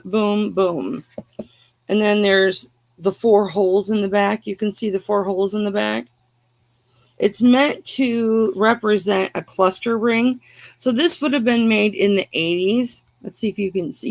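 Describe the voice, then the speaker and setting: Slow-talking woman with a gravelly voice. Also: mid-range voice, no echo. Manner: chatty, teasing, talks to viewers by name. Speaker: live jewelry auction host. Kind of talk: casual live-stream selling chat.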